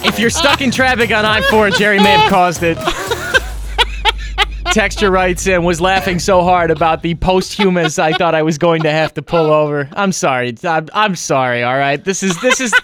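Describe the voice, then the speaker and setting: A man hosting a sports talk radio show, bantering fast and teasing his co-host. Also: high-pitched, fairly bright tone, faint music behind. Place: radio studio.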